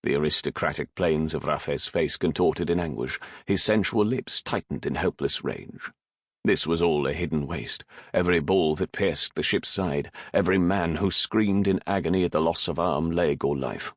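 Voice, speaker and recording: A man narrates an audiobook in a measured, dramatic style. His voice is very deep and the sound is close and dry, with no room around it. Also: dry recording. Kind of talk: scripted narration.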